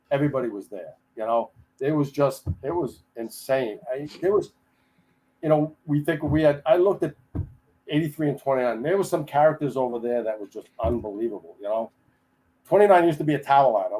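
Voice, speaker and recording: An older man, a retired firefighter, telling stories as a guest in a casual podcast interview, animated and chatty and acting out the people in them. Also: mid-range voice, brisk, rough recording. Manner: animated storyteller who acts out the people he quotes; chatty, with frequent restarts.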